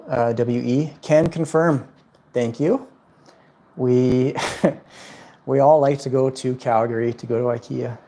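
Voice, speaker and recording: A man hosts a laid-back livestream from his home, answering viewer questions about houseplants. His voice sits at an ordinary middle pitch. He rambles cheerfully, leaning on lots of "um" and "like" as he goes. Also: steady tone, takes it slowly, dark tone. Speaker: plant livestream host. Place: at home indoors.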